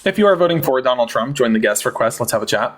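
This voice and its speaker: A man in his forties hosting a heated live debate, mocking and condescending, who keeps telling his guests to calm down. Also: mid-range voice, fast talker. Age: 40s.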